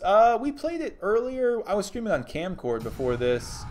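A man's voice: high voice, huge pitch swings, moderate pace, hardly any pauses, darkish tone, slight background noise. A young man from Texas giving casual, joking commentary on a game stream and reading chat messages aloud.

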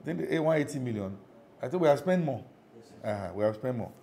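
A man's voice: mid-range voice, expressive, a little fast, warm tone, a little hiss or hum. A middle-aged Nigerian man preaching a sermon as pastor, emphatic, often asking the congregation if they follow.

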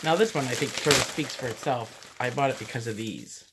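A woman's voice: very deep voice, brisk, very noisy. A woman chatting casually through a thrift haul, rambling into stories and laughing often. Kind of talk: casual haul vlog chat.

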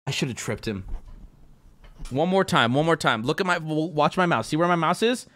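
A man hosting a live stream, reacting loudly to clips, swearing and laughing often as he talks to his chat. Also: a little high, moderate pace. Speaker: streamer host.

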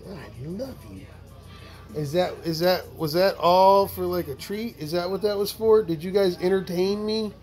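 A man's voice: a little high, a little mellow. A man talking to his dogs as their owner, doting and coaxing, praising them and laughing often. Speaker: dog owner. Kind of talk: casual talk to his pets.

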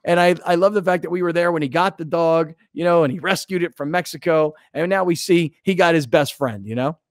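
A man hosting a sports talk radio show, telling a story with excitement and acting out what others said. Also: a little high, fairly quick, dry recording, studio quality. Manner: excited storytelling, acts out quoted lines. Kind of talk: casual show banter.

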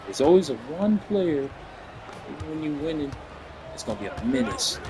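A man casually commenting on his basketball video game, excitable and swearing, cheering his teammates on and laughing often. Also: fairly high pitch, moderate pace, music in the background, a crowd in the background. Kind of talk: casual live gameplay commentary.

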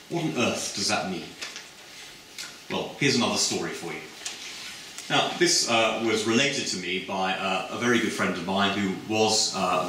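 Middle-aged man, public lecture, low voice, bright edge, echoey hall, distant mic. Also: slight background noise. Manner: discursive, measured, many filled pauses.

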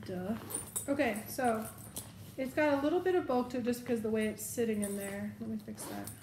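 A woman's voice: fairly high pitch, fairly quick, a little mellow, echoey room, a little hiss or hum. A woman chatting casually as she packs her bag, thinking aloud. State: has the hiccups. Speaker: vlogger. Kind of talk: casual show-and-tell.

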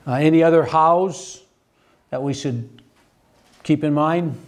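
A man teaching a Bible study class, talking in halting bursts with frequent restarts and quizzing his students. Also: on the high side. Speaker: theology teacher. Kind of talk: interactive Bible study lecture.

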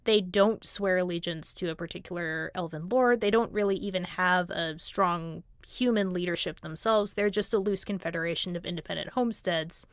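Woman, livestream guest, animated storyteller, wry asides, dry close sound. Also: lowish voice, moderate pace, hardly any pauses, no room sound. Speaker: guest lore commentator. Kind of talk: casual livestream discussion.

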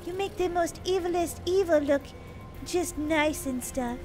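A woman's voice: very high voice, unhurried. A woman playing along as a sister, whining and scolding in a dramatic, playful way. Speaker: co-player, sister. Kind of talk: playful let's-play chatter. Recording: game music underneath.

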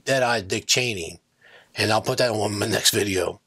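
A man's voice: fairly low pitch, brisk, bright, forceful tone, slightly rough. A man hosting his own political commentary channel, talking in a combative, digressive rant that keeps circling back on itself. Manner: combative, digressive, self-correcting.

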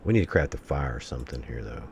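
A man's voice: a bass voice, animated, quick pace, creaky, a little mellow, slight background noise. A man giving let's-play commentary, talking to himself and bursting into exasperated curses.

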